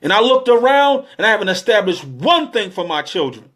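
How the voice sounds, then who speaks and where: Man in his thirties, high voice, preaching with emotional, pleading repetition. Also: sing-song, a little fast, fairly bright tone. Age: 30s. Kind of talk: impassioned exhortation.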